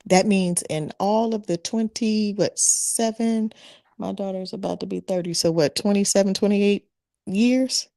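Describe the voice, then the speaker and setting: A woman's voice: mid-range voice, a little slow, creaky, dark tone, dry recording, clean studio sound. A woman in her forties arguing emphatically in a casual sports debate, stretching her words for effect. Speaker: debate panelist.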